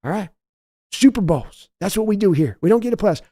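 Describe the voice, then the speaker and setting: A man putting on the voice of a domineering older team owner who yells at and scolds his grown son. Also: sits high, lively intonation, a little fast, no echo, clean studio sound, voice pushed up. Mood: scolding.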